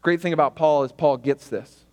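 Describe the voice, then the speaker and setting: Male pastor, high voice, earnest conversational sermon, long church-hall reverb. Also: moderate pace, darkish tone. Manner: earnest, conversational preaching with rhetorical questions. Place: church auditorium.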